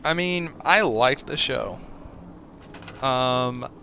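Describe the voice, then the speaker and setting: A man's voice: medium pitch, expressive, very slow, gravelly, sharp tone, slight background noise. A man giving casual, rambling commentary while playing a game and chatting. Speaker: gameplay streamer.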